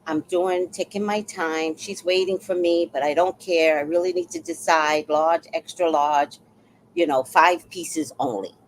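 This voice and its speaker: A woman's voice: low voice, a little slow, slight background noise, low-quality recording. A woman telling a personal story in a casual monologue, acting out what others said. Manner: animated, acts out quoted voices.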